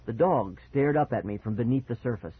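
A man's voice: medium pitch, lively intonation, brisk, breathy edge, no room sound. A man narrating a first-person spooky children's story expressively, on a dry, tinny recording. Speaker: audiobook narrator. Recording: dry, tinny phone-like sound.

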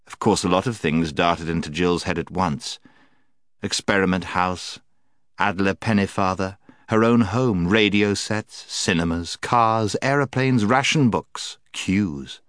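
A man narrating a storybook in a steady, measured way. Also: low voice, no echo. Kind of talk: audiobook narration. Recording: dry close recording.

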